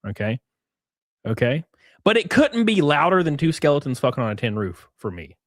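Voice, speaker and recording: A streamer host with a fairly high-pitched voice speaks at a moderate pace, recorded with studio quality and no room sound. He reads tweets aloud on a live stream, offering animated, sarcastic, profane commentary and calling everyone "brother."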